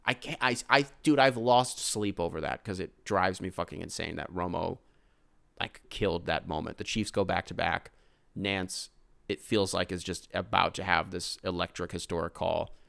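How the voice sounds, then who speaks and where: A man's voice: fairly low pitch, creaky, a bit bright, clear, resonant tone, dry recording. A young American man hosting a sports podcast, talking casually in rambling, profane rants full of tangents. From United States. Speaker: podcast host.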